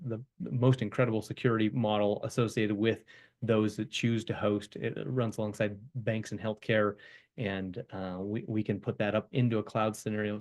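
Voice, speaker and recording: A man with a somewhat low voice answers questions in a webinar interview. He explains things earnestly and openly, in a polished sales style, and often repeats words as he goes. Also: darkish tone. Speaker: software company guest.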